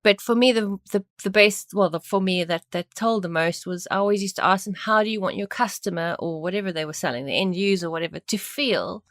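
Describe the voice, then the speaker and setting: A woman's voice: medium pitch, brisk, few pauses, dry recording. Woman, design podcast co-host, casual chat, dry close mic.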